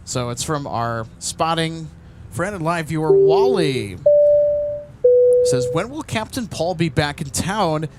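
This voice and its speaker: A man with a slightly high voice hosts a casual live stream and reads viewer comments aloud in an easy, chatty way. Loud outdoor traffic noise runs underneath him. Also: animated, slow pace. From Minnesota. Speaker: livestream host.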